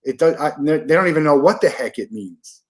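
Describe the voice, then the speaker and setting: A man's voice: fairly high pitch, animated, brisk. Easygoing man in his forties hosting. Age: 40s. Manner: easygoing, rambling, with repeated words and fillers. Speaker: podcast host. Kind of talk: casual interview chat.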